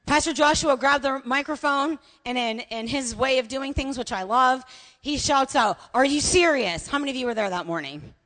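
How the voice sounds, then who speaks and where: High-voiced woman preaching in a reverberant hall. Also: moderate pace. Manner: lively storytelling, shouts at the peaks. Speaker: pastor. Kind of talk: sermon. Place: church sanctuary. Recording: long reverb of a large hall.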